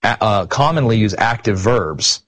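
Husky-voiced man hosting a scripture talk. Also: on the low side, animated, a little slow, fairly bright tone. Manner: conversational, retells exchanges, frequent fillers. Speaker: podcast host. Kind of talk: casual discussion of scripture.

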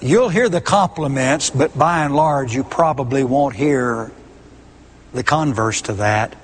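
A man's voice: medium pitch, measured pace, slight background noise. A middle-aged man preaching a sermon, stressing his points by repeating key words. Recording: long hall reverb.

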